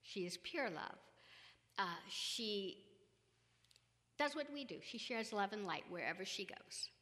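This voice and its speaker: A woman telling a family story in a lively, animated way, acting out what others said. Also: mid-range voice, measured pace, long reverb tail. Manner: animated, acts out quoted voices, laughs often. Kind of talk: spiritual storytelling with partner.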